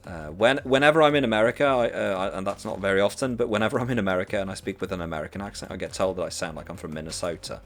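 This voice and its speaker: A man's voice: low voice, very fast, few pauses, faint music behind. A Norwegian man who learned British English chats casually while gaming on stream, hesitant, with many fillers and restarts. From Norway. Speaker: streamer, teacher.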